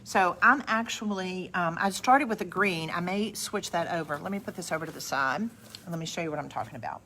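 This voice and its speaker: A woman's voice: fairly low pitch, brisk, slight background noise. A middle-aged woman, hosting a live craft demonstration and chatting with viewers as she works. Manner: chatty, warm asides to viewers. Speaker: craft studio host. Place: craft studio.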